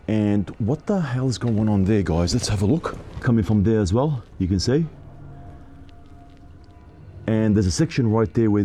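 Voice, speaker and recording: A man's voice: lowish voice, warm tone, a little hiss or hum. An Australian man hosting a building inspection, talking viewers through defects in a blunt, exasperated way. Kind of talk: on-site inspection commentary.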